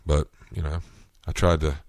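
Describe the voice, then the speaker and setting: Man, Southern US accent, very low voice, dry recording, chatty storyteller. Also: level tone, normal speed, creaky, a little mellow, dry recording. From North Carolina, US. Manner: chatty, storytelling, frequent restarts. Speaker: podcast host. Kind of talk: casual solo monologue.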